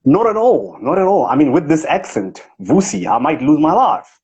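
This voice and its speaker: A man's voice: fairly high pitch, very animated, normal speed, darkish tone, slightly rough, exaggerated voice. A man playing a boastful male motivational speaker with a put-on posh accent, bragging grandly in a comic impression. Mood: smug. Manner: grandiose, self-important bragging. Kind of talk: comic impression in a live chat. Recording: dull lo-fi livestream audio.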